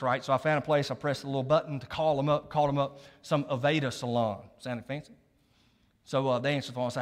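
A man preaching a sermon as a story, folksy, laughing at himself and checking in with the audience. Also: medium pitch. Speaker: pastor. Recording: long reverb of a large hall.

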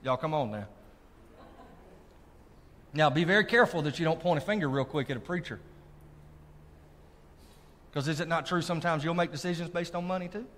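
Pastor, man, lively sermon delivery, slightly high voice, long hall reverb. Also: brisk, pauses often. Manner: animated preacher, asks the congregation if they are listening. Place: church sanctuary.

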